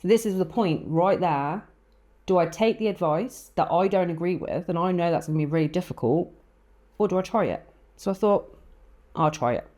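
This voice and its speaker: Low-voiced woman telling a story. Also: moderate pace. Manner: animated storyteller, acts out quotes, laughs often. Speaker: podcast co-host. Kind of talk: casual chat.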